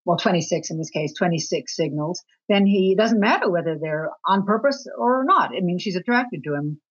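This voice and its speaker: Expressive low-pitched woman, dull recording. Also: moderate pace. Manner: expressive, pitch leaping up for emphasis. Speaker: guest author on attraction. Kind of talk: interview answers.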